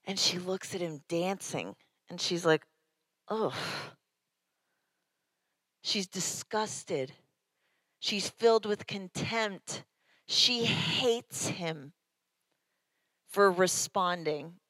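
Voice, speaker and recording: A slow, conversational woman pastor preaching. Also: lowish voice, no room sound. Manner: conversational, animated storytelling. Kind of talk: sermon.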